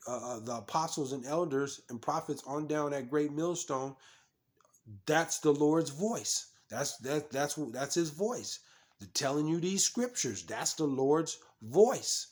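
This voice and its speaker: A man's voice: on the high side, lively intonation, measured pace. A man preaching, reading scripture and commenting on it in a scolding, repetitive way, stumbling over restarts and fillers.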